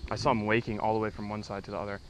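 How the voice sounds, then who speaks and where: A man fishing from a boat outdoors, talking casually to viewers and breaking into excited exclamations. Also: lowish voice, very fast, very noisy. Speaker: angler. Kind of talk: casual fishing vlog commentary.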